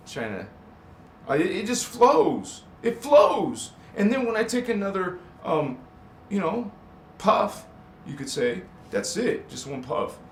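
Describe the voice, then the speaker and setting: A man talks loosely into a desk microphone in a room that rings with echo, with faint hiss underneath. He rambles, restarts his sentences and presses his points with preacher-like emphasis. He keeps a middling pitch throughout. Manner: rambling, emphatic preaching with self-corrections and chuckles. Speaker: livestream host. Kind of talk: casual spiritual livestream talk.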